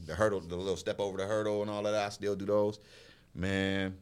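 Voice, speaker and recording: A middle-aged man hosting a podcast in casual chat, telling stories with loud animated bursts that drop to low mumbles. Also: a little fast, clean tone. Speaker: podcast host.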